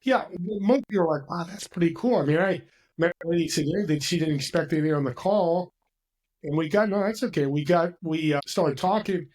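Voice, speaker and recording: Husky-voiced man telling stories animatedly. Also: on the high side, brisk. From California. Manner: animated storyteller, acts out voices. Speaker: podcast guest. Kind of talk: casual conversation.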